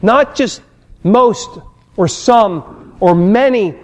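A man preaches from the pulpit in a fairly high voice. He tells personal stories and leans hard on repeated phrases. The delivery is emphatic and full of conviction. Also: very slow. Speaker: pastor. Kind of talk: sermon.

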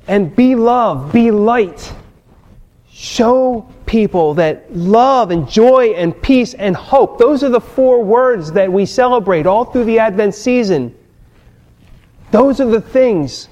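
High-voiced male preacher. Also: darkish tone. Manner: storytelling, emphatic, repeats key phrases. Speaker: pastor. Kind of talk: sermon.

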